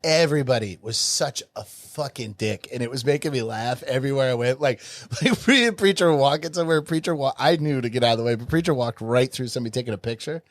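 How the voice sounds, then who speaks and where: A man's voice: medium pitch, quick pace, hardly any pauses, no echo. A young man on a podcast telling comedic stories in a casual, profane way, acting out the people he quotes. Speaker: podcast co-host.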